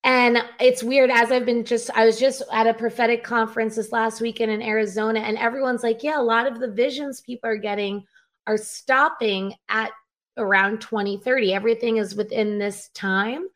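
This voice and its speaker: A woman's voice: on the high side, steady tone, normal speed. A woman in her thirties, a revivalist guest, chatting upbeat with frequent laughs and fillers from home. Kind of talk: casual interview chat. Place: at home on a live video call.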